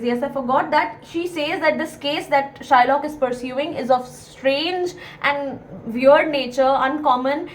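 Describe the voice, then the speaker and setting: A young woman teaches a play, her voice sitting high and bright. She talks earnestly, going over each point twice and filling gaps with "uh". A faint hum of background noise sits under her. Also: rough recording. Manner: earnest, repeats key points with many fillers. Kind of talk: explaining a play to students.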